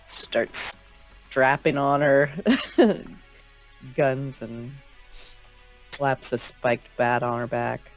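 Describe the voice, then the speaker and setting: Slow, gravelly man playing a tabletop game. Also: mid-range voice, level tone, faint music behind, low-quality recording. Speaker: player. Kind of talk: casual tabletop play.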